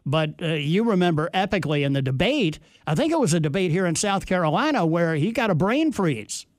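A man hosting a radio interview, talking in an unhurried, drawling way full of filler sounds. His voice sits a little high and his humour is wry. The recording is close and dry, with no room sound. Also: very animated, no room sound. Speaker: radio host.

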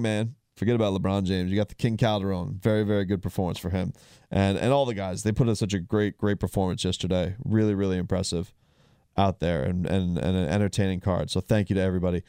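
A man's voice: on the low side, warm tone, clean tone, no echo, studio quality. A man hosting a combat sports show, talking casually with many fillers and restarts. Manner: rambling, frequent fillers and restarts. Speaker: podcast host.

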